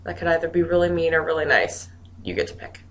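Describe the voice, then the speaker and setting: A woman's voice: sits low, sing-song, fast. A woman teacher giving a recorded grammar lesson, explaining rules in a friendly way with joking asides.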